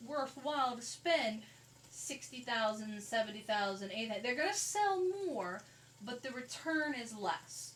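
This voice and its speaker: A woman's voice: a little high, fairly bright tone, recorded from a distance, low-quality recording. A woman teaches a math lesson, talking plainly through each calculator step. Her voice sits a little back from the microphone, with a faint hiss underneath. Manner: conversational, walks through calculator steps. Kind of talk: recorded classroom lecture. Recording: faint noise, voice a bit off-mic.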